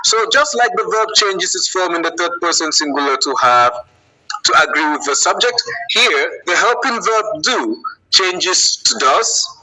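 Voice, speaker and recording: A man teaching English grammar to a student, patiently checking in with "okay?" and reading example sentences slowly and clearly. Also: sits high, animated, bright, forceful tone, poor audio. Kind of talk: live English grammar lesson.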